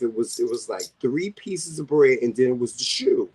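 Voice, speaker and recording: A man with a Southern US accent, hosting a casual vlog chat and telling teasing stories in an animated way. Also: medium pitch, a little fast, few pauses, breathy edge, poor audio. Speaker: vlog host.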